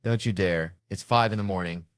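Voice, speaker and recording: A man doing stand-up, telling a crude, animated story full of swearing. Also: low voice, a little fast, no room sound, studio quality. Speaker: comedian.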